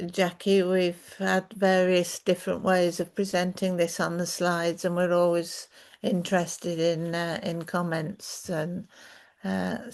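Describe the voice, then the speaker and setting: A woman hosting an online meeting, talking in a relaxed, chatty way with many fillers, then reading a formal acknowledgement and reflection. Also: fairly low pitch. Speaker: host.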